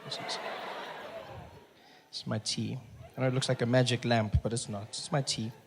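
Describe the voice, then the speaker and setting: A man performing stand-up comedy, swinging between a hushed, soft voice and loud, lively bursts. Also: medium pitch, normal speed, creaky, a little hiss or hum. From South Africa. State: recovering from voice loss.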